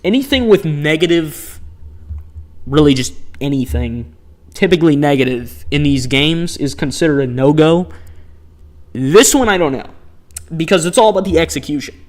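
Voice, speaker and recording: Chatty man streaming gameplay, slightly high voice. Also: animated, normal speed. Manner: chatty, incredulous, laughing asides. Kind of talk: live gameplay commentary.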